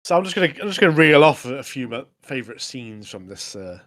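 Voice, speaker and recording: A man's voice: medium pitch, big pitch swings, quick pace, fairly bright tone. Rambling, laughing man. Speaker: podcast co-host. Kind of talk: casual chat.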